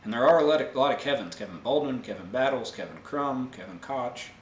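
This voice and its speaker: A man hosting a live question-and-answer show, explaining technical answers in a relaxed way with many fillers. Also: mid-range voice, fast, reverberant, dull audio, a little hiss or hum. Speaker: host answering viewer tech questions. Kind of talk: casual live Q&A.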